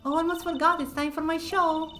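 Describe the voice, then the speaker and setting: A woman voicing a playful teenage girl magician with a bright, teasing manner. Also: extremely high pitch, flat delivery, brisk, soft background music, voice pushed up.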